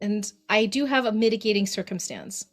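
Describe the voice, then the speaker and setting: A woman on a casual stream panel, making measured, wry suggestions. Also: medium pitch.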